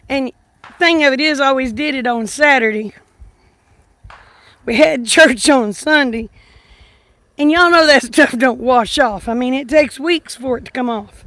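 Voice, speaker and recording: A folksy woman rambles through a casual livestream at home. She talks slowly, in a fairly high voice, and sounds a little short of breath. It is picked up on a phone or computer mic. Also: a bit bright, no room sound. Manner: folksy, chatty, rambling storyteller. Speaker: vlogger. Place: at home, indoors.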